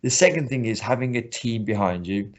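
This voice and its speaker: A man's voice: medium pitch, lively intonation, brisk. A man who coaches martial arts, talking earnestly in a casual interview and often restarting his sentences. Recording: slightly muffled lo-fi recording.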